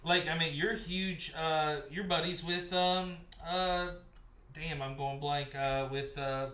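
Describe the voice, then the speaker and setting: Host: man, fairly high, bright, casual swearing fan talk, roomy. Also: fairly even intonation, slow. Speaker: podcast host. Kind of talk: casual podcast chat.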